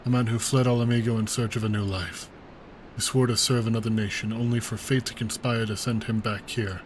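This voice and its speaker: A man voicing an older male resistance commander while reading game dialogue aloud, earnest and measured. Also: on the low side, level tone, slight background noise, natural voice, rough recording.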